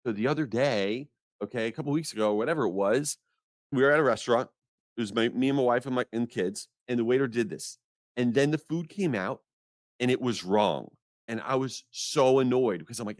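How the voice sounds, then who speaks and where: A man hosting a podcast, telling an exasperated, animated story in a casual rant. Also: mid-range voice, fairly quick, dry recording, studio quality. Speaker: podcast host.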